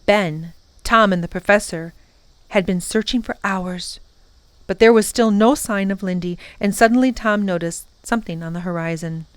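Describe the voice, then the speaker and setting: A woman librarian reading a children's chapter book aloud at storytime, gentle and expressive. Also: medium pitch, normal speed, no echo.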